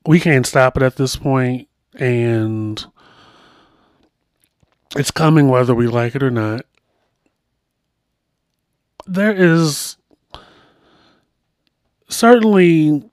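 A man's voice: medium pitch, animated, very slow, pauses often, clean tone, no echo, studio quality. A man hosting a podcast, chatting casually and rambling through asides as he comments. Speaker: podcast host.

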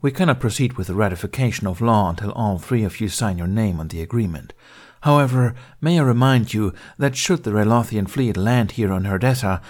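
A man's voice: lowish voice, darkish tone, lightly acted. A man doing a stern, formal Jedi master. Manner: formal, contemptuous ire. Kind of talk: fan fiction audiobook reading.

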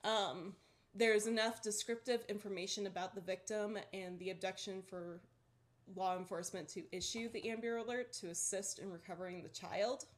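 A woman's voice: mid-range voice, fairly even intonation, normal speed. A young woman co-hosting a podcast in casual chat, dry-mouthed from just waking up, talking with lots of "like" fillers and easy laughs. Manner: chatty, many "like" fillers, laughs often. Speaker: podcast co-host.

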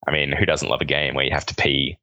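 Very deep-voiced Australian man chatting. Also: little pitch movement, fast, sharp tone, dry recording. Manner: rambling, hesitant with many "uh"s. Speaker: podcast co-host. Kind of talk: casual chat.

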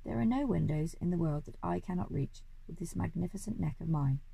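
Woman voicing a smug storybook giraffe, low husky voice. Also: brisk, mellow, dry recording, full character voice. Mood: proud. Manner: superior, self-assured. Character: proud, calm female giraffe.

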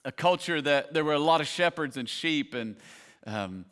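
Male pastor, 30s, sermon delivery; slightly high, resonant voice, casual then impassioned. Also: animated, moderate pace, fairly bright tone, smooth. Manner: conversational, builds to passionate emphasis.

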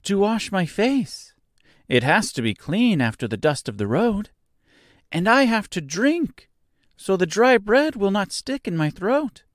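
A man's voice: high-pitched, big pitch swings, unhurried, dry recording, studio quality, pitched above the performer's own voice. A man voicing a polite, timid young girl in a storybook reading, with a careful, earnest delivery. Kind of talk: storybook character voice.

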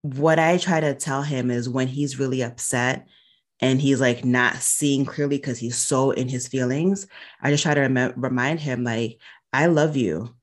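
A woman's voice: rumbling low, fairly even intonation, moderate pace. Earnest reflective woman in conversation. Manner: earnest and reflective, many restarts. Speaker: podcast guest. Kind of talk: casual conversation.

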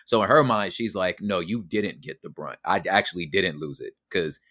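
Middle-aged male guest, slangy and animated, bright tense tone, close and dry. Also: deep voice, normal speed, no room sound. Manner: animated, slangy, acts out quotes. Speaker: podcast guest. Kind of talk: casual storytelling.

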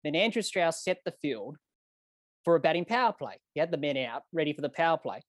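Guy hosting a podcast, eager questions, mid pitch, dry close mic. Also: fairly quick, no room sound. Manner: eager, lively questioning, recounts events. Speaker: podcast host. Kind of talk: casual interview questions.

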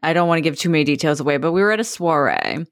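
A woman's voice: sits low, lively intonation, racing, no echo, clean studio sound. A woman co-hosting a casual chat, telling a story animatedly and asking the others what they think. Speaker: podcast co-host.

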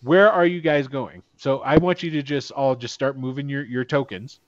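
A man's voice: medium pitch, normal speed, highs cut off, slight background noise. A man running a tabletop game as game master, casually narrating and acting out the guards. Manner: animated, swearing, acts out orc guards.

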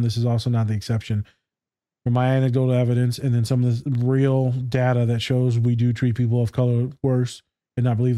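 Man, therapist co-host, casual podcast chat, candid and profane, mellow tone, dry close sound. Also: mid-range voice, no room sound. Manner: candid, swearing, laughing, acts out quoted voices.

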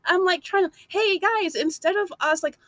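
A woman's voice: very high-pitched, moderate pace, fairly bright tone, no echo. A woman delivering a blunt, emphatic opinion monologue.

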